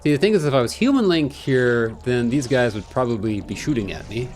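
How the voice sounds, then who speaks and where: A man casually commentating his video game playthrough, excitable and jokey, rambling with panicky outbursts. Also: mid-range voice, brisk, a little hiss or hum. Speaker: gaming channel host. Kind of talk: casual let's-play commentary.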